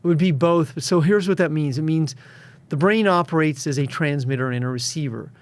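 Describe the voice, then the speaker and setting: A man's voice: fairly high pitch, a little fast. Confident man coaching on an interview. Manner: storytelling, acts out quoted voices. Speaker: guest, success and addiction coach. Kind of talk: interview conversation.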